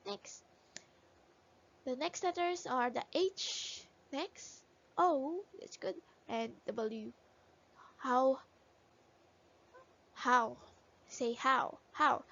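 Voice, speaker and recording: Woman teacher, slightly high voice, very slow and deliberate, sounding out letters for kids; dull lo-fi recording. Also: creaky, fairly bright tone. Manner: slow, sounds out letters and repeats words for children to echo. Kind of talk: phonics lesson for young children.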